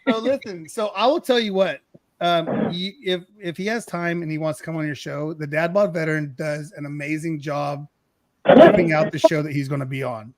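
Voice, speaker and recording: A middle-aged man hosts a casual livestream show over a video call. His voice sits a little high, and he rambles, apologizes and restarts his sentences often. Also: steady tone, moderate pace. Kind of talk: casual chat.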